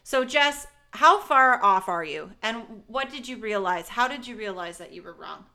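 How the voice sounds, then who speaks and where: A woman's voice: on the high side, animated, bright, forceful tone. A woman co-hosting a podcast in casual chat from a basement, playful and jokey. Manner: playful and chatty, quick to joke. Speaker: podcast co-host.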